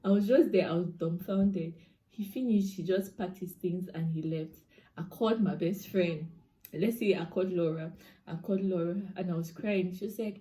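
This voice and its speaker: A young woman with a Cameroonian accent, from Cameroon, telling a story time to her viewers. She talks in a chatty, expressive way, slipping into pidgin turns of phrase. Her voice is mellow and warm. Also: fairly low pitch, moderate pace. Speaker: vlogger.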